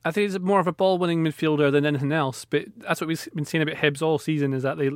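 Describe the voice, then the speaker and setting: Fast-talking man, football banter. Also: on the high side, no room sound, studio quality. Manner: quick, animated, quizzical. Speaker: podcast panelist. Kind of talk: casual football analysis chat.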